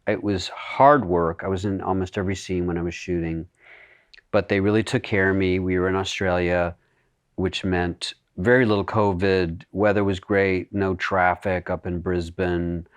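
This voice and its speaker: Lively low-voiced actor, dry studio sound. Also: male voice, a little slow, no room sound. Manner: animated, talks with his hands in his voice, laughing often. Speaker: actor, guest. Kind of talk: podcast interview.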